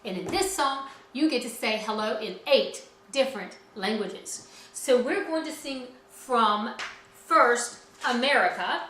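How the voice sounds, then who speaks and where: Bright-voiced music teacher, echoey room. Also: female voice, fairly high pitch, animated, unhurried, a little hiss or hum. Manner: cheerful, encouraging, speaks to children directly. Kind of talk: children's music lesson.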